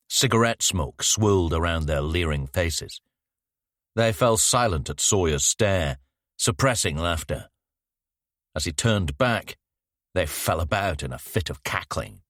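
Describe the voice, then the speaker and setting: A man narrating an audiobook thriller in a measured, descriptive way. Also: deep voice, no echo, clean studio sound. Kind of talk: scripted narration.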